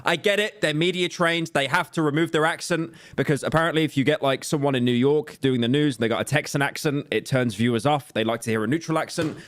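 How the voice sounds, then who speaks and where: A man's voice: fairly high pitch, fast talker, hardly any pauses. Ranting British man streaming. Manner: ranting, swearing, animated. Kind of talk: casual reaction commentary.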